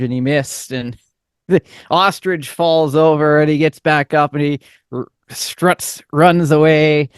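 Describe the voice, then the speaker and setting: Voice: medium pitch, smooth, no echo. Dry-sounding amused radio co-host. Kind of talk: casual radio chat. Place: radio studio.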